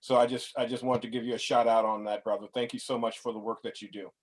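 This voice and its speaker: A man's voice: medium pitch, flat delivery, quick pace. A man, a reverend and guest speaker, chatting effusively over a video call and often restarting his words. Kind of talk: casual chat.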